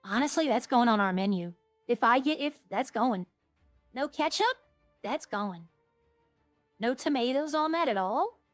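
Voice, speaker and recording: A woman's voice: a little high, animated, measured pace, pauses often, dry recording, soft background music. A woman streaming a roleplay game, chatting casually and rambling as she plays. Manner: rambling, chatty, trailing off and restarting. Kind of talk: casual streaming chat while playing.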